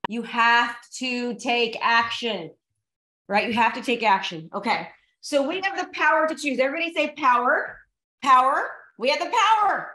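Her voice is high and sharp-toned, moving at a moderate pace as it rings around an echoey room. A real estate coach leading a motivational seminar, she drives her main ideas home with repetition, bursts of energy, and calls to the audience.

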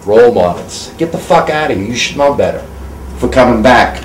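A man delivering an angry, profane political rant with constant swearing and loud bursts. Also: medium pitch, animated, brisk, roomy sound, slight background noise, low-quality recording. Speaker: actor ranting on camera.

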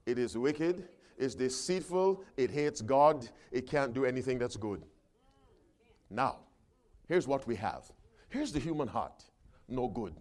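A man preaching a sermon, reading scripture aloud with his congregation and calling for responses, loud and emphatic on the verses and quieter between them. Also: medium pitch, lively intonation, unhurried, long pauses.

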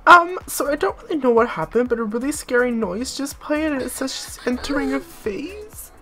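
A woman's voice: high-pitched, animated, moderate pace, bright, forceful tone, faint music behind. A woman in her late teens giving casual, chatty let's-play commentary, bossing her game characters around and laughing often. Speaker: gaming YouTuber.

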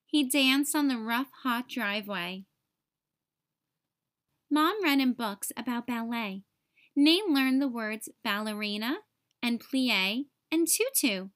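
A woman teacher narrating a children's picture book aloud, with expressive storytelling. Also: a little high, slow. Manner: expressive, sing-song storytelling.

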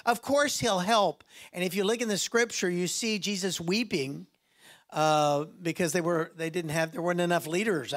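A man preaching a sermon in a church, animated and joking, acting out voices as he goes. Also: high voice. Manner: animated, acts out quoted voices and jokes. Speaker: guest preacher.

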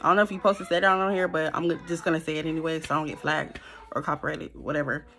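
A woman telling a storytime to her viewers, animated and blunt, swearing freely, sitting close to the camera at home. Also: low voice, racing. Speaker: storytime vlogger. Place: at home in front of a ring light. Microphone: camera held close.

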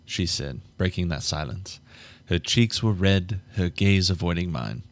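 Deep-voiced male narrator for a live audiobook read, measured and steady. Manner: measured, restarts flubbed lines.

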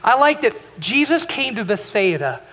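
A man's voice: extremely high pitch, sing-song, normal speed, bright, forceful tone. A man preaching a sermon as pastor, telling stories casually and acting out the quoted lines with animation. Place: church sanctuary. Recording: echoey hall reverb.

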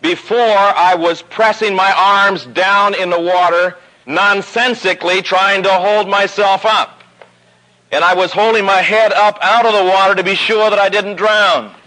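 Male preacher, slightly high and bright, storytelling sermon delivery, old radio broadcast recording. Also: steady tone, measured pace, poor audio. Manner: storytelling, rising pitch as the story builds.

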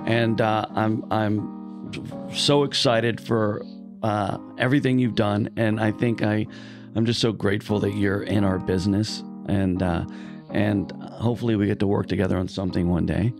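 Laid-back podcast host guy, gushy and sweary, lowish voice, soft guitar in the back. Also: steady tone, moderate pace. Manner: effusive, laid-back, swears, lots of fillers. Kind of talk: casual podcast chat.

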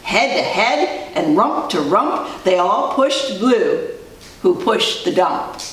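A woman who teaches preschool, reading a picture book to small children in an animated, sing-song way and quizzing them as she goes. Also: medium pitch, slow. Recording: echoey room, distant mic.

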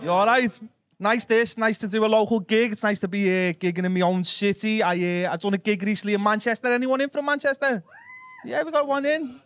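A man's voice: high-pitched, steady tone, brisk, a bit bright, dry recording. A man with a Liverpool accent doing live stand-up comedy. He swears and banters brashly with the crowd.

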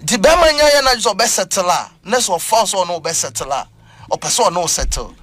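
A Ghanaian man preaching on a talk program with a high, lively voice. He talks emphatically, swinging between Twi and English. The sound is close and dry, with no room around it. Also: a little fast, no room sound. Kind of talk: animated church talk show discussion.

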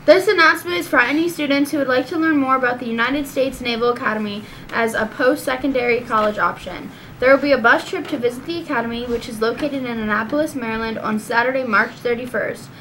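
A woman reading school announcements in a steady, informative way. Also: on the high side, fast talker, hardly any pauses, a little hiss or hum.

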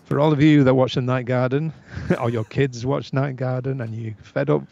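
A man's voice: mid-range voice, fairly even intonation, moderate pace, gravelly, a little mellow, highs cut off. A man chatting as a guest guitarist in an interview, self-deprecating and laughing often. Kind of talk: casual interview chat.

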